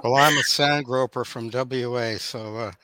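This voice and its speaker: A man in his seventies, from Canada, with an accent halfway between Canadian and Australian, answering interview questions in a measured, formal way over a video call. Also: medium pitch, steady tone, crowd noise. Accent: mixed Canadian and Australian. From Thunder Bay, Canada. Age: 70s. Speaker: guest author.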